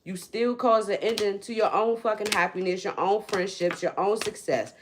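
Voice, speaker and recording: A woman's voice: moderate pace, noisy background. Blunt, profane woman ranting on a livestream. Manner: blunt and profane, swings from low muttering to loud, high outbursts. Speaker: spiritual reader livestreamer. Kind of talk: unscripted livestream rant.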